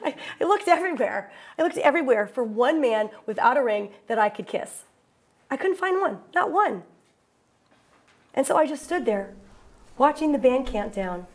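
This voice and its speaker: A woman's voice: high-pitched, very animated, moderate pace. A woman performing a wry, breathless theatrical monologue from a solo stage show.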